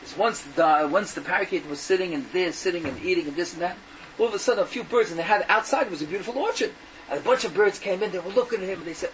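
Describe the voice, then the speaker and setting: An older man tells a folk tale in a high voice, sprinkling in Yiddish phrases and restarting mid-sentence. He jumps between characters with lively energy. The recording is dull and lo-fi with faint hiss underneath. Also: quick pace, recorded from a distance. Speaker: storyteller.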